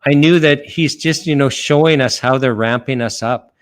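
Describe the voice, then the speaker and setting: A man's voice: medium pitch, moderate pace. Earnest man retelling a parable. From Canada. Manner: earnest, retells a parable with many restarts and fillers. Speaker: lawyer guest. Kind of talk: conversational podcast talk.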